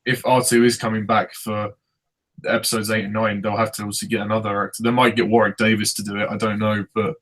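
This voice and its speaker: Low-voiced man chiming into casual chat. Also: level tone, quick pace, a bit bright. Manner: chatty, chiming in with asides. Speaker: film review co-host.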